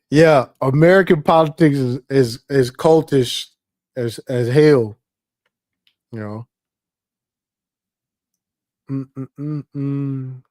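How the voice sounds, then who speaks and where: A man hosting a live stream, talking in a casual, animated, profane and rambling way. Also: medium pitch, drawn-out words, long pauses, no room sound, studio quality. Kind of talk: casual livestream commentary.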